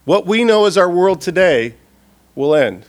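A man with a somewhat high voice gives a funeral sermon in a church, earnest and expressive. He moves between raised, pleading appeals and soft, hushed stretches. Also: measured pace. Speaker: pastor.

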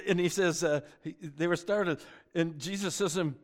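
A man's voice: a little high, fairly even intonation, moderate pace. A middle-aged man preaching a sermon, telling the story with joking asides and often restarting his sentences. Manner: frequent stammered restarts. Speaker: pastor.

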